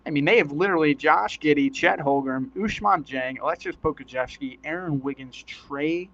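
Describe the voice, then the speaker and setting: A man with a fairly high voice calls a basketball game in casual, excitable play-by-play. He chats between plays and laughs easily. The stream audio is dull and lo-fi. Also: normal speed. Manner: excitable, chatty, often laughs. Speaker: live-stream commentator.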